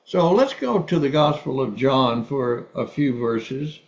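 A man's voice: medium pitch, expressive, a little slow, darkish tone. A man preaching a sermon, earnest, often repeating words as he restarts. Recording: dull lo-fi sound.

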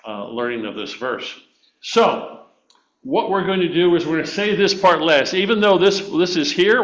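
A man with a slightly high, bit-bright voice teaches children at church a memory verse, repeating it and encouraging them to recite along with him. The recording is dull and lo-fi.

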